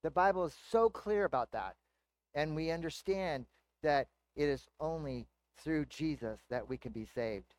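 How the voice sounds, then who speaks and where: A man preaching with a somewhat high voice, talking through his points in a plain, conversational way and posing questions to his listeners. The sound is dry and close. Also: expressive, measured pace, no room sound. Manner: conversational teaching with rhetorical questions. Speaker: pastor. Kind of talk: sermon.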